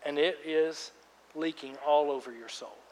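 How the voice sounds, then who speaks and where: A man preaching a sermon as pastor, emphatic, swinging between loud outbursts and hushed words. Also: on the high side, unhurried. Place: church sanctuary. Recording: long reverb of a large church hall.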